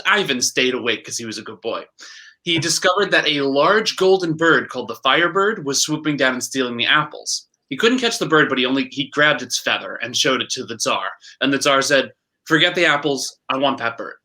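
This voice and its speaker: Chatty man with a bright, punchy voice. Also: medium pitch. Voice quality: brisk, chatty, laughs often. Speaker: storyteller. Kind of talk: casual fairy-tale retelling.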